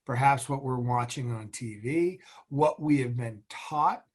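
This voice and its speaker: A man's voice: mid-range voice, measured pace. Earnest middle-aged man telling motivational stories. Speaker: guest, former military officer and executive. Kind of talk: interview conversation.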